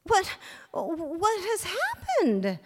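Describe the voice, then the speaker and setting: A woman's voice: extremely high pitch, huge pitch swings, very slow, pitched above the performer's own voice, full character voice. A woman voicing an anxious young woman who gasps and falters. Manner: gasping, faltering. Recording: long hall reverb, live stage.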